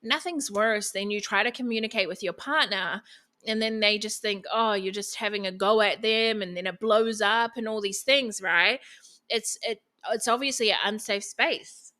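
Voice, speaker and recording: A woman's voice: mid-range voice, moderate pace, sharp tone. A young woman hosting a podcast, giving frank relationship advice in a chatty, casual way, full of fillers and quoted asides. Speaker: podcast host.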